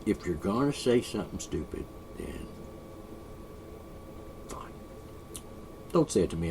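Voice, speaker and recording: A man's voice: on the low side, lively intonation, a little slow, pauses often, noisy background. A man vlogging an opinionated, rambling monologue, sarcastic and sighing often. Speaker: video blogger.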